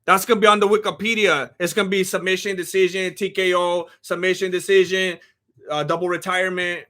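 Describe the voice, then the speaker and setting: Hyped guy doing live fight commentary, high bright voice, rambles and yells. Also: a little fast. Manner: excitable, rambling, many restarts, bursts of shouting. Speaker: live fight watch-along host.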